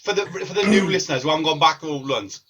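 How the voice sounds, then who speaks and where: A man's voice: fairly high pitch, quick pace, breathy edge. A man co-hosting a podcast, telling stories in casual, teasing banter with plenty of swearing. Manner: swearing, teasing, animated storytelling. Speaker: podcast co-host. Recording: noisy background.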